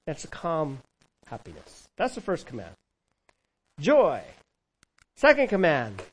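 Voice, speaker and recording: Emphatic pastor preaching. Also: male voice, a little high, huge pitch swings, takes it slowly, slight background noise. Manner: emphatic, conversational preaching with rhetorical questions. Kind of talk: sermon.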